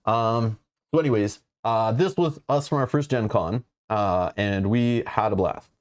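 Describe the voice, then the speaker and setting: A man's voice: on the low side, a little slow. Rambling man hosting a chat. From Canada. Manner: rambling storyteller with many fillers, joking. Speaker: show host. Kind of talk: casual live-stream chat.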